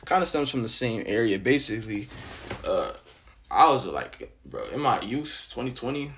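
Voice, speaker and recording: A man's voice: mid-range voice, big pitch swings, moderate pace, a bit bright, slight background noise. A young man from Canada giving a casual opinion rant, blunt and mocking, full of slang and filler words. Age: young adult. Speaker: vlogger.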